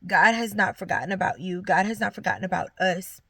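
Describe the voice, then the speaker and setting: A woman's voice: lowish voice, expressive, brisk, gravelly, sharp tone, breathy edge, no room sound. A young woman, giving an earnest, encouraging faith testimony straight to her viewers. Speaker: vlogger sharing her story. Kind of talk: heartfelt faith testimony to camera.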